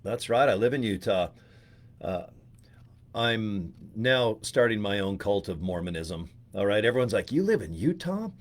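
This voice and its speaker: A man's voice: lowish voice, unhurried. Joking, rambling man hosting a live stream. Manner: joking, rambling, crude humor. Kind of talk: casual live-stream chat.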